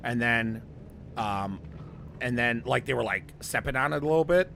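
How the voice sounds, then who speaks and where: A man's voice: mid-range voice, expressive, moderate pace, gravelly, a bit bright, slight background noise. A man telling a long, rambling personal story in casual chat, often laughing and restarting.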